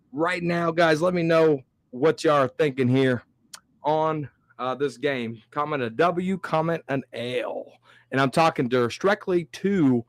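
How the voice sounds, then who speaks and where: A man hosting a live-stream sports talk show, talking with animated energy and reading viewer comments aloud. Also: on the high side, no room sound.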